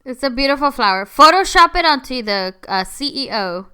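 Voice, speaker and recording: A woman's voice: high voice, animated, fairly quick, sharp tone, clean tone. A woman co-hosting a comedy podcast in casual chat, giggling often. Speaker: podcast co-host.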